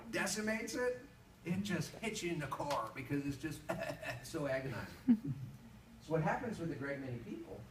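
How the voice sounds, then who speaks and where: Man, public speaker, lively storytelling, slightly high voice, echoey hall, distant mic, background noise. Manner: animated storytelling, acts out voices. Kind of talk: humorous motivational talk. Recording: echoey hall from far off, noisy.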